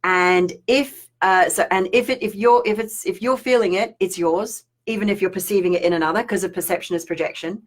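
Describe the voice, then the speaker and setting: A woman's voice: mid-range voice, fairly quick, hardly any pauses. A woman spiritual teacher giving a chatty, rambling live-streamed talk and reading viewer comments aloud.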